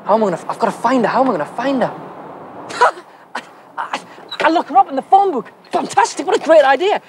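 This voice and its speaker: Excitable young man, lively high voice. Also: fast, background noise. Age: young adult. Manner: excitable, gabbling, giggly. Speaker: children's TV presenter. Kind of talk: comic solo sketch, talking to himself.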